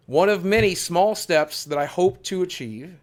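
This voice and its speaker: A man's voice: high-pitched, animated, moderate pace. A man hosting a livestream from his studio, talking in an earnest, heartfelt, confessional way with emphatic repetition. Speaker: livestream host.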